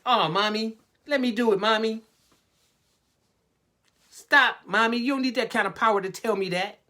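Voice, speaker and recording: A man voicing a whiny, spoiled man-child lawmaker in a mocking, high-pitched way. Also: moderate pace, sharp tone. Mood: whiny petulant.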